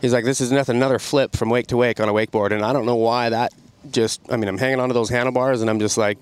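A middle-aged man, a podcast guest, telling an animated story about riding. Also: mid-range voice, fast talker, hardly any pauses, smooth. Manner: animated, excited storytelling with laughs. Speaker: podcast guest, snowmobile rider. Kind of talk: casual storytelling.

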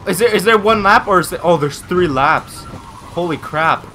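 An excitable young man calls out his race as it happens, yelping and crying no again and again. His voice is high and very lively, bright and forceful. Faint game music plays behind him. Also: normal speed. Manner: excitable, yelps and repeated cries of no. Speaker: gaming channel host. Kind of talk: live gameplay commentary.

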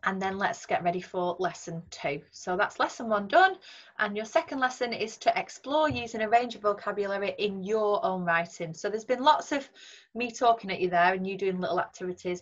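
A woman teacher with a Northern English accent, talking students through a recorded lesson in a clear, patient way with frequent ums. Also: medium pitch, brisk, highs cut off. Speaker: secondary school English teacher. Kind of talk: recorded remote lesson talk over slides.

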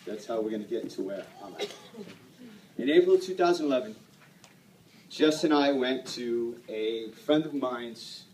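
A man's voice: medium pitch, a little mellow, roomy sound, distant mic, a little hiss or hum, poor audio. A man telling a personal story to an audience at an event, self-deprecating and rambling, laughing often. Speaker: speaker at a sales event.

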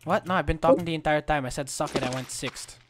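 A young woman playing an online shooter with friends, joking, laughing and often shouting. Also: deep voice, fast talker, a crowd in the background. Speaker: gamer. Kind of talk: casual gaming chat. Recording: loud gunfire game sounds behind. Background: loud gunfire from the game.

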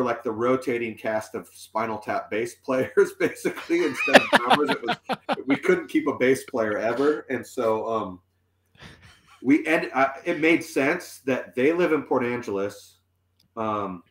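A man's voice: mid-range voice, a bit bright. A man in his forties, a musician guest telling a long story in casual chat, full of fillers and restarts. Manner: rambling, many fillers and restarts. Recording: roomy echoey sound.

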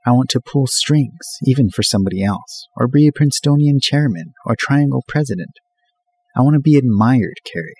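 A man's voice: medium pitch, expressive, a little fast, a little mellow, a little hiss or hum, voice pushed up, lightly acted. A man doing a restless, vain college boy. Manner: eager, self-absorbed. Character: restless vain young male college student.

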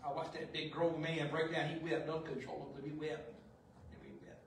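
A man pastor preaching a Pentecostal sermon, shouting with passion and dropping to hushed storytelling. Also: on the high side, fairly even intonation, moderate pace. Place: church sanctuary. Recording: very echoey room, distant mic.

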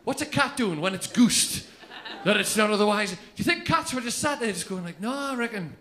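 High-voiced brash man. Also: lively intonation, sharp tone. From England. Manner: brash, sweary, quick storytelling. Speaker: stand-up comedian. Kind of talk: live stand-up comedy. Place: comedy club stage with laughing audience.

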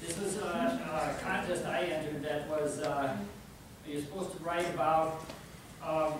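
A man's voice: fairly high pitch, background noise. A man performing his own poem live in a library community room, rhythmic wordplay broken by hesitant asides, picked up from a distance. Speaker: poet. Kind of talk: live poetry recitation. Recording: echoey room heard from far off.

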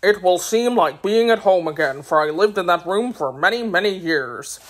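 A woman's voice: on the low side, expressive, moderate pace, lightly acted. A woman voicing a kindly little old male wizard in a storybook, speaking earnestly and courteously. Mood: fond.

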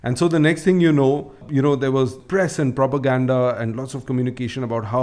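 A man's voice: medium pitch, steady tone, a little fast, hardly any pauses, a little mellow. A man hosting a podcast, telling a history story in a chatty, casual way with frequent restarts and asides. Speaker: podcast host.

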